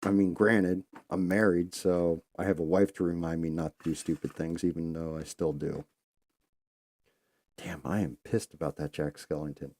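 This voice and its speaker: A man's voice: low-pitched, fairly even intonation, moderate pace, a little mellow. A man hosting a live stream, telling loose, rambling stories in a casual, conversational way. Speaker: host.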